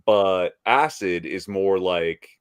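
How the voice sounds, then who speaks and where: Deep-voiced man spinning playful comparisons. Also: takes it slowly, clean tone, no room sound, clean studio sound. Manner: builds long playful metaphors. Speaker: podcast co-host. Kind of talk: casual chat.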